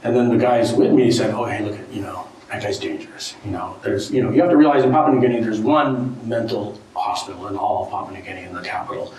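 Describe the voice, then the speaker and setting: Middle-aged man, casual storyteller, animated, chatty, faint room hum behind. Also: lowish voice, fast, few pauses. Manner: animated, chatty, lots of "you know" and "right?". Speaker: guest speaker, tribal art collector. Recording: very echoey room, distant mic, faint ambience.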